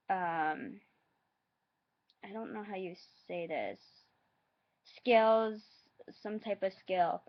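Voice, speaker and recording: Woman vlogger, unhurried halting read, dull lo-fi sound. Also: mid-range voice. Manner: halting, hesitant reading with asides. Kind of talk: reading facts aloud.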